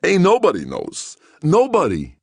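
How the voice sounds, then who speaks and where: A man's voice: a little high, wildly swooping pitch, a little slow, creaky, a little mellow, slightly rough, dry recording, studio quality, voice pushed up, full character voice. A man reading an audiobook, voicing a desperate, down-and-out man who whimpers and pleads in slangy speech.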